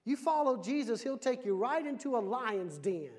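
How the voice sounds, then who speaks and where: A man preaching a sermon with a high, bright voice. He is lively and keeps turning questions back on the congregation, mixing stories with direct appeals. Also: moderate pace, few pauses. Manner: lively, asks the audience questions. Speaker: pastor.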